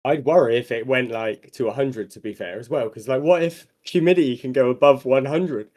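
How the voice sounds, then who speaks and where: A man's voice: mid-range voice, brisk, darkish tone. A man hosting a podcast, easygoing and joking, asking the guest questions. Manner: easygoing, asks questions, jokes. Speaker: podcast host. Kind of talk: casual podcast chat.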